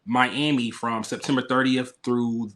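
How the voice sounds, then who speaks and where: A man's voice: mid-range voice, fairly even intonation, a little slow, a bit bright. A man hosting a casual reality TV recap chat over a video call, rambling with lots of fillers. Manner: chatty, filler-heavy, rambling. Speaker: podcast host.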